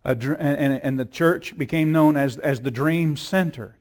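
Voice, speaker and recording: A man with a drawl preaching from the pulpit, his voice sitting high for a man. He tells his story in looping, repeated phrases and climbs to emphatic peaks. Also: normal speed, a little mellow. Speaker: pastor. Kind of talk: sermon.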